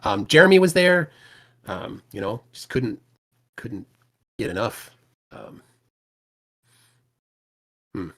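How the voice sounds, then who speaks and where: A man hosting a livestream, talking in a casual, halting way with many restarts and fillers. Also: on the low side, sing-song, fairly bright tone. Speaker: livestream host.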